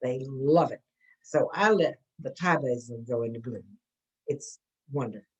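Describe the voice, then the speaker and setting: A woman's voice: extremely low pitch, measured pace, slightly rough, dull audio. A woman teaching an informal gardening class, chatty and answering questions, often checking in with "okay?".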